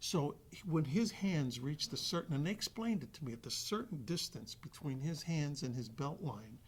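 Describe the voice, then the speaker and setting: Guy with a husky bit higher voice telling a story on a podcast, gets animated, restarts a lot. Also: normal speed. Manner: animated, acts out quoted voices, trails off and restarts. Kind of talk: casual storytelling.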